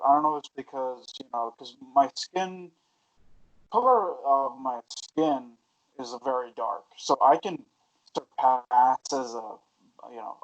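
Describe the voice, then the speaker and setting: A man co-hosting a podcast in casual chat, soft-spoken and halting with fillers. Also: medium pitch. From Hispanic family. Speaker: podcast co-host. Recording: dull lo-fi sound.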